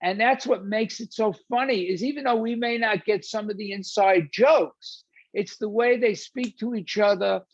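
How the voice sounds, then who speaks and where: A man's voice: sits high, normal speed, dry recording, dull audio. An older man giving a rambling, informal lecture on a film, full of "uh"s and restarts, and acting out scenes as he retells them.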